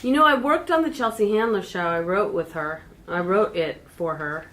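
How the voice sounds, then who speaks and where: A woman's voice: mid-range voice, normal speed, a bit bright, a little hiss or hum, rough recording. A woman leading a comedy class, talking casually and laughing easily.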